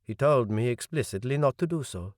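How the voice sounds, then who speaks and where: A male audiobook narrator playing a grieving young man who speaks in a measured, rueful way. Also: medium pitch, lively intonation, a little mellow, dry recording, studio quality, voice pushed up, natural voice. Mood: guarded. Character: young adult man, grieving politician's son, guarded.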